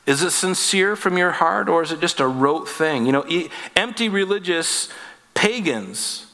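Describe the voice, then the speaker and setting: A man's voice: on the high side, expressive, unhurried, pushed and bright. A man preaching a sermon with emphasis, asking rhetorical questions and adding wry asides. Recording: long hall reverb.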